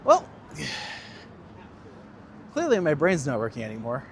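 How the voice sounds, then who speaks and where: A man's voice: a little high, huge pitch swings, slow, gravelly, slight background noise. A man hosting a live walking-tour stream outdoors, chatting and joking with viewers as he walks. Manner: chatty and jokey, answering live chat while walking. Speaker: walking tour guide and livestream host. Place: outdoors on city streets.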